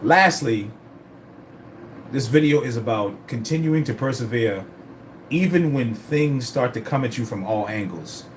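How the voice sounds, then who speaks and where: Over a bit of background noise, a man with a medium-pitched voice and measured pace chats casually about his fitness journey in a vlog. He rambles, swears, and tells his story in an animated way.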